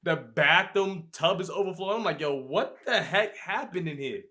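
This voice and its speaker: A man on a podcast telling a story in a lively way and acting out his own reactions. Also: high voice, normal speed. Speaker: podcast host. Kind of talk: casual storytelling chat.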